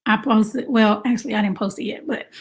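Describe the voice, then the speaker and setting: Animated woman coaching moms. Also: fairly high pitch, a little fast, husky. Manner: animated, acts out quoted moms in exaggerated voices; conversational, with rhetorical questions. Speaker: self-care coach for mothers. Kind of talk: casual advice talk to camera.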